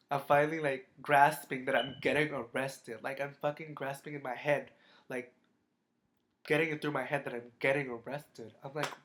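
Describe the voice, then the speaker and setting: A teenage boy tells a story to his camera in a rambling, profanity-heavy way, full of fillers. His voice is bright and a touch high, and it cracks now and then. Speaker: vlogger. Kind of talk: storytime vlog, casual.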